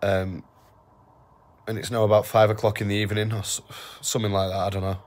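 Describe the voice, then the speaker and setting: A man vlogging to camera while ill, talking quietly and apologetically. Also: on the low side, flat delivery, fast. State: ill and weak. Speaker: hiking vlogger. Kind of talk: casual vlog to camera.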